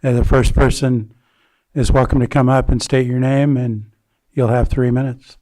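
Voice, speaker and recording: A man's voice: medium pitch, flat delivery, normal speed, warm tone. A man chairing a county meeting, giving brief procedural cues from a distance from the mic. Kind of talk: chairing public comment.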